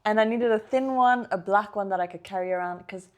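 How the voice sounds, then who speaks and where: A young woman co-hosting a chatty podcast. She rambles playfully and jokes about herself, and her voice sits at a middle pitch for a woman. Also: a little fast, a little mellow. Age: young adult. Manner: playful, joking, rambling asides. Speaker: podcast co-host. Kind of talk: casual chat.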